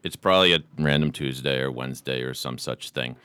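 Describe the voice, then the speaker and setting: Man with a Boston accent, podcast host, very low voice, bright and dry sound, joking and rambling. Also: fairly quick, clear, resonant tone, dry recording. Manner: joking, rambling, swears casually. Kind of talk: casual chat.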